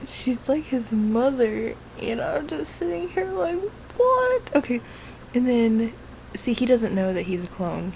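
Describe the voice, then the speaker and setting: Woman vlogger, casual and crude, giggling recap, mid pitch. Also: warm tone, a little hiss or hum, low-quality recording. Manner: giggly, profane, keeps breaking into laughter. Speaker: vlogger reviewing a film.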